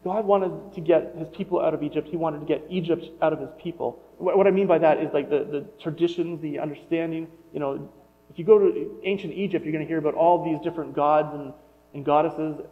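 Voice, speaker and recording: A man's voice: on the high side, fairly even intonation, brisk. A middle-aged man giving a sermon in a conversational way, often restarting and wondering aloud. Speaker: pastor. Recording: muffled sound with long hall reverb.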